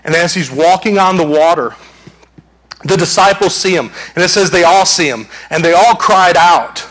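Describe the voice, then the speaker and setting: A man preaching a lively sermon, his voice sitting a little above the usual male range. He tells the story with energy and acts out the screams and shouts of the people in it. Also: high-pitched, moderate pace. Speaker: pastor.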